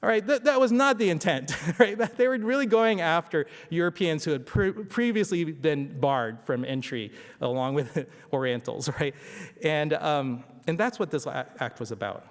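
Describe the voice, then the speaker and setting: A man's voice: fairly high pitch, expressive, moderate pace. A man giving a conversational history lecture at a symposium, often asking the audience rhetorical questions. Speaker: symposium speaker. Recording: long hall reverb.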